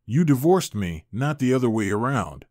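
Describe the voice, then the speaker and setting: A man's voice: medium pitch, big pitch swings, normal speed, darkish tone, dry recording, studio quality. A man reading the lines of a young estranged wife, heated and pleading, in a story reading. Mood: defiant. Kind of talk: audiobook character reading.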